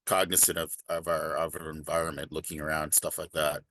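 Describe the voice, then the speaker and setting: A man playing in a tabletop game, talking in a halting way as he thinks aloud. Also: very deep voice, flat delivery, sharp tone, no echo, clean studio sound. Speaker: player. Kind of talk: casual tabletop game chat.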